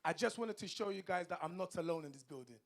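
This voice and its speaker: High, gravelly event host man. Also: fast talker. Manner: energetic, calls for applause. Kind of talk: hyping up a live audience. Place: large event venue.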